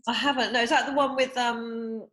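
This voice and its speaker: A woman hosting a podcast, reacting in casual chat with quick agreement and laughter. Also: fairly high pitch, fairly even intonation, fairly bright tone. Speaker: podcast host.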